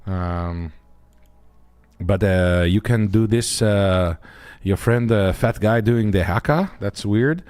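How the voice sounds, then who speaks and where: A man putting on a halting foreign character who speaks broken English full of hesitations. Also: fairly low pitch, darkish tone, smooth, dry recording. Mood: deadpan. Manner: slow broken English, constant ums. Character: halting foreign man with a French guy bit.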